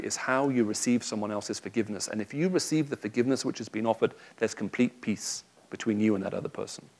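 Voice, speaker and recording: A man speaks to a live audience in a room, giving a Christian talk. He tells stories with a lively, humorous touch, in a voice of ordinary pitch for a man. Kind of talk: public talk with anecdotes.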